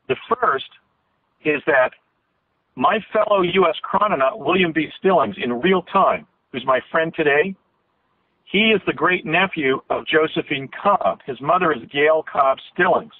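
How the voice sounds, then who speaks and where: Calling into a radio show, a fifty-something guest with a fairly high voice earnestly rambles through a lengthy story and restarts many times, over a tinny, dry phone line with no echo.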